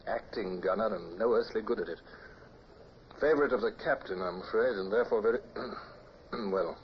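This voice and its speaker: A man's voice: fairly low pitch, normal speed, natural voice. A man playing a young British naval lieutenant who narrates, speaking in a clipped, well-spoken way in 1950s radio drama style. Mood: confiding. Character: young naval lieutenant, firm but fair. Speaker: narrator and lead role. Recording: dull, faintly hissy old radio recording.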